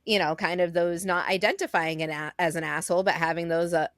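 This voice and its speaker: A woman co-hosting a casual podcast, speaking candidly with casual swearing and pauses to find her words. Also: lowish voice, steady tone, no echo, studio quality. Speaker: podcast co-host.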